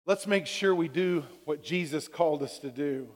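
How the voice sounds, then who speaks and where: A man's voice: on the high side, normal speed, in a large hall. A male pastor preaching a sermon, calling out "Amen?" to the congregation and acting out everyday quotes. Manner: preaching with call-and-response "Amen?" and acted-out quotes.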